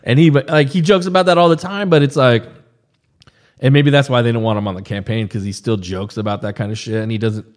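A man's voice: mid-range voice, steady tone, fast. A young man co-hosting a podcast, talking loosely and profanely in casual chat. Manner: loose, profane, says "dude" a lot. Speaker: podcast co-host.

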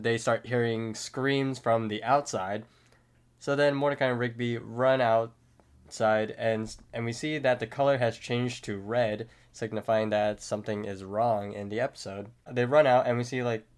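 Smooth-voiced man recapping a cartoon. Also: mid-range voice. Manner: steady, detailed scene-by-scene retelling. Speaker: podcast co-host. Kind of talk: casual recap narration.

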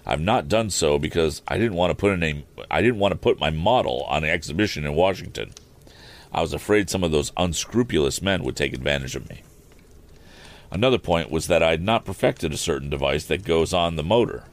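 A man doing a careful middle-aged inventor, earnest and a touch wary. The delivery is deep and moves through a wide range. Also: animated, brisk. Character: worried middle-aged male inventor, cautious father.

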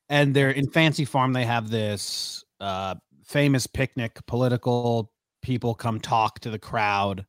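A laid-back man chatting on a podcast, rambling along with plenty of filler words. His voice sits at an ordinary middle pitch. The sound is close and dry, with no room around it. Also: dry recording. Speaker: podcast co-host. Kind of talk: casual chat.

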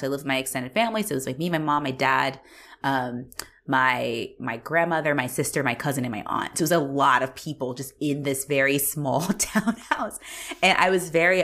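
Low-voiced woman chatting animatedly. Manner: animated, laughing, swears, acts out quotes. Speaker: podcast co-host. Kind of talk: casual movie discussion.

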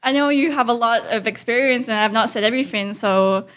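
A woman's voice: a little high, quick pace, fairly bright tone. A woman hosting a podcast, introducing and interviewing a guest in a friendly, casual way and laughing easily. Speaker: podcast host.

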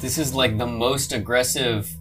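A man co-hosting a podcast who chats casually in a blunt, animated and profane way. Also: medium pitch, moderate pace, over music. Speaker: podcast co-host. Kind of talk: casual chat.

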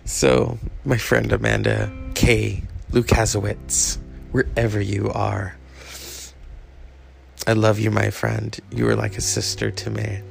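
Podcast host, male, gravelly tone, reflective and unhurried, casual tribute delivery. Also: fairly low pitch, faint music behind.

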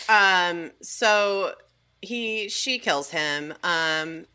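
Bright-toned young woman telling a story. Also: lowish voice, drawn-out words, clear, resonant tone. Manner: retells a story casually, crude asides, lots of likes and ums. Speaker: podcast co-host. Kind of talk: casual storytelling chat.

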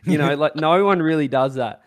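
A man with an Australian accent, a caster chatting casually on a panel, rambling with jokey deadpan asides. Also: a little high, brisk.

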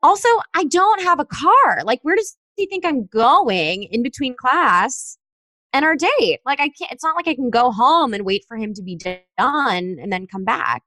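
High, lively young woman telling a story. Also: measured pace, no echo. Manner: animated storyteller, acts out texts in quoted voices. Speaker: guest telling a dating story. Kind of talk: casual chat.

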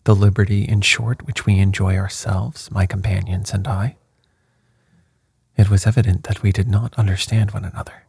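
Male audiobook narrator, formal and measured, low and husky, dry booth sound. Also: level tone, a little mellow, no echo. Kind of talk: scripted first-person narration.

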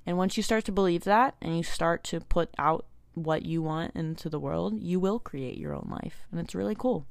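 A woman's voice: lowish voice, moderate pace, vocal fry, few pauses, no echo. A young woman hosting a self-help podcast, talking earnestly and encouragingly to her listeners in a casual way, with lots of "like" and "you know". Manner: casual with many likes and you knows. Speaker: podcast host.

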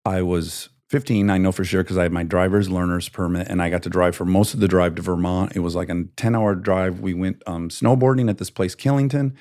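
A man hosting a podcast in casual conversation, joking around and swinging through lively voice changes. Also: low voice, brisk, hardly any pauses, no room sound, clean studio sound. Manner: animated, joking, does silly voices. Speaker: podcast host. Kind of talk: casual chat.

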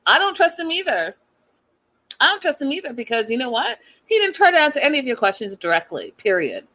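A woman hosting a reality TV recap, giving sassy and animated opinions and repeating her points for emphasis. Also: a little high, normal speed, rough recording. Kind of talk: casual opinionated commentary.

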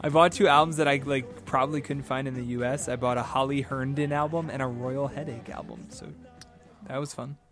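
A man co-hosting a music podcast in relaxed casual chat, often calling his partner "man". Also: mid-range voice, a little fast. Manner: laid-back, says "man" often. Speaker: podcast co-host.

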